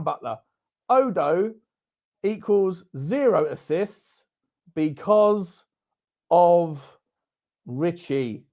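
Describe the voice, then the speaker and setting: Excitable high-voiced football fan. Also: male voice, gravelly. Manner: excitable, swearing, shouting at the game. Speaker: fan channel host. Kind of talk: live match watchalong commentary.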